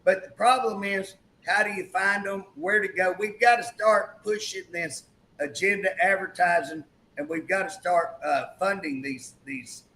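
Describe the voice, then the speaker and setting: A man's voice: sits high, normal speed, pushed and bright, slight background noise, low-quality recording. A male talk show host chatting emphatically, retelling a story and acting out the quotes. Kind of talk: political talk show chat.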